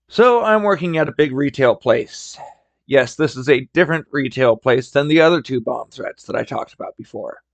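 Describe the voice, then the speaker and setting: A man's voice: medium pitch, gravelly, no room sound. A man hosting a podcast, telling work stories in a casual, wry, conversational way. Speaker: podcast host. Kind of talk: casual storytelling.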